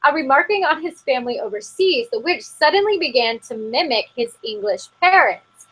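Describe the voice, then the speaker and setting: A woman's voice: high voice, expressive, normal speed, a bit bright, rough recording. A woman co-hosting a podcast, reading a spooky story from an article in a casual, giggly way and often saying "like". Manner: giggly, heavy use of "like". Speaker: podcast co-host. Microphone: remote call.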